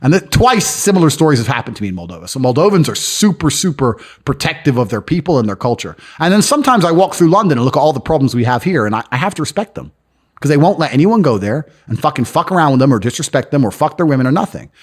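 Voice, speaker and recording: Brash, fast-talking storyteller man. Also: mid-range voice, very animated, breathy edge. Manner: brash, swears freely, acts out other people's lines. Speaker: podcast guest. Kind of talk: boastful storytelling in casual chat. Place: lives in London.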